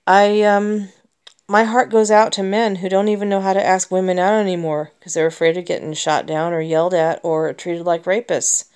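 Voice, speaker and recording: A woman's voice: lowish voice, darkish tone, clean tone. An American woman talking in a personal vlog monologue, emotional and rambling, with many restarts. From United States.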